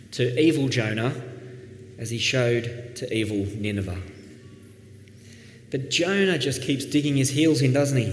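A man preaching a sermon as pastor, earnest, dropping soft and then rising with emphasis. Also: mid-range voice. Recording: echoey hall, faint background noise.

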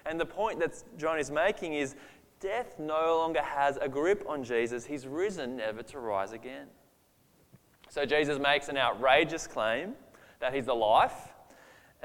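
A man's voice: fairly high pitch, a bit bright. Earnest preacher man in a reverberant hall. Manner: earnest and emphatic, voice rising when describing Jesus' anger. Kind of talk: sermon on a Bible passage.

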